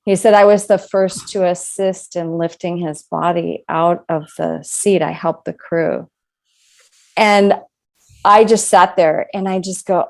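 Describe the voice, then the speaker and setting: This middle-aged woman, interviewed as an author, recounts a personal story in an earnest, reflective manner, voicing quoted dialogue. Her lowish, creaky voice is unhurried with fairly even intonation.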